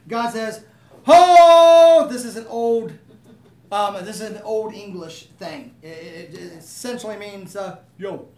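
A man's voice: sits high, fairly even intonation, unhurried, slight background noise. A man preaching a sermon, talking conversationally and asking the room to agree with him. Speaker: pastor. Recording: echoey room, voice from a distance.

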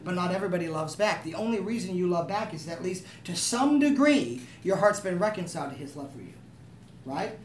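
A man's voice: sits high, animated, brisk, slight background noise. A man preaching a sermon, talking conversationally and asking the room to agree with him. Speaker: pastor. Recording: echoey room, voice from a distance.

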